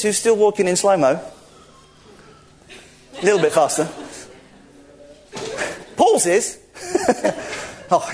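A man preaching in a church service, telling a story with jokes and laughter while directing volunteers. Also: high-pitched. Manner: jokey, laughs often, animated storytelling. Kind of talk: playful interactive sermon, directing volunteers.

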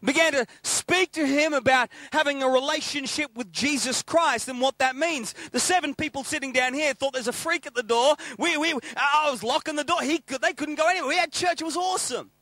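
Male preacher, animated storyteller, very high bright tone. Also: brisk, few pauses, no echo. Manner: lively anecdotal, acts out quoted dialogue. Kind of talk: sermon storytelling.

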